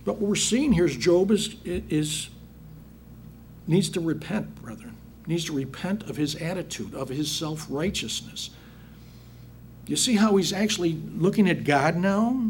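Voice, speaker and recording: Lively preacher man expounding scripture. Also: on the high side, measured pace, a little hiss or hum. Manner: reads verses then paraphrases in plain talk, addresses congregation as brethren. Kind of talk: sermon, Bible exposition.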